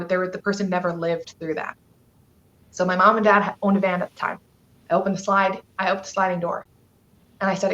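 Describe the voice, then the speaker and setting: A woman's voice: mid-range voice, a bit bright, muffled recording. A woman from Canada, a guest telling a personal story on a live stream, earnest and emotional, rambling with fillers.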